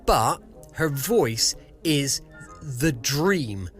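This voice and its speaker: A man's voice: medium pitch, expressive, very slow, soft background music. A man hosting a podcast from his home, chatting enthusiastically. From south coast of England. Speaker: podcast host. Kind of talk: casual podcast introduction.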